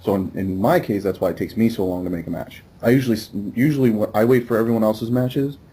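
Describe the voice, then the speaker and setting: A man's voice: lowish voice, fast talker, mellow, breathy edge, rough recording. A man hosting a podcast in a loose, rambling casual chat with many fillers. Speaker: podcast host.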